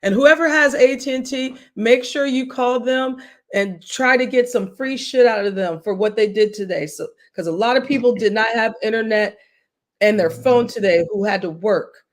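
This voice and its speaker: A woman co-hosting a casual chat show, talking in a blunt, profane, animated way. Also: a little high, moderate pace. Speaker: podcast co-host.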